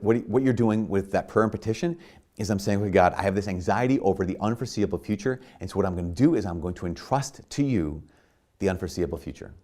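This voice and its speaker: A man's voice: lowish voice, a little mellow. A man, a priest, giving a sermon in a conversational way, full of restarts and "like", at times rising to emphatic bursts.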